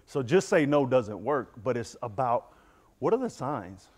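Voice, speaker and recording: A man's voice: medium pitch, very animated, a little slow, darkish tone. A middle-aged man giving a candid personal recovery talk to a football team, telling his story and addressing the room directly. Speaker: motivational speaker.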